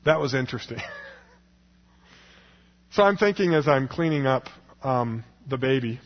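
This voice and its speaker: A man's voice: mid-range voice, animated, measured pace, long pauses. Man telling a story in an echoey hall. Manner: storytelling with frequent chuckles and self-mocking asides. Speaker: preacher giving a testimony. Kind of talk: humorous personal testimony to a congregation. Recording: echoey hall, dull lo-fi sound.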